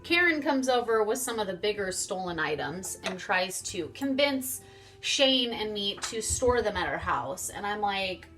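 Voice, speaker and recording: A woman's voice: medium pitch, sing-song, measured pace, over music. A young woman vlogger chatting casually and animatedly through a storytime, swearing freely. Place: home, getting ready on camera.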